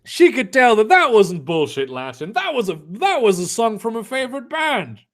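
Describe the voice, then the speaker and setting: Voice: mid-range voice, sing-song, normal speed, fairly bright tone. Sarcastic, swearing comedic reader. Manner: sarcastic, exasperated, swears often. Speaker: fanfiction reader and commentator. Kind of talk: comedic dramatic reading with commentary.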